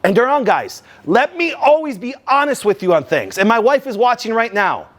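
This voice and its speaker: A man hosting a health talk, emphatic and animated, acting out quoted remarks as he explains. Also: moderate pace. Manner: emphatic, with wide swings in pitch and loudness; acts out his own and others' quoted remarks. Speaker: wellness doctor and show host.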